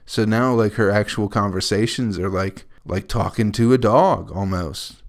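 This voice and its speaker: A man's voice: on the low side, measured pace. A young man, a comedian, talking through a casual, profane, scattered podcast monologue with a wry edge.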